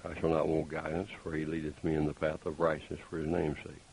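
A man preaching a sermon, deliberate and emphatic, with pointed rhetorical questions. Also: rumbling low, completely flat delivery, creaky, darkish tone, rough recording. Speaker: pastor. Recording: faint hiss.

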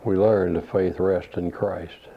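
A man's voice: deep voice, level tone, slow pace. A man preaching a sermon, asking rhetorical questions and quoting scripture. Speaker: pastor. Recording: dull lo-fi recording.

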